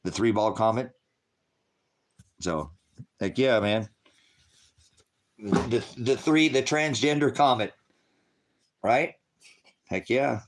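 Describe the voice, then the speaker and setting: A man's voice: mid-range voice, takes it slowly, pauses often. A man hosting a casual livestream, rambling in a conspiratorial way, laughing often and answering viewers in chat. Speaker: livestream host.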